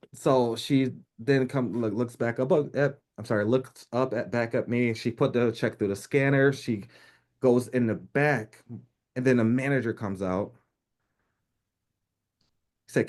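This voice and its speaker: A man in his thirties from New York, telling a personal story in casual conversation, laughing often and acting out the voices of people he quotes. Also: medium pitch. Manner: animated, laughs often, acts out quoted speech. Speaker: podcast guest.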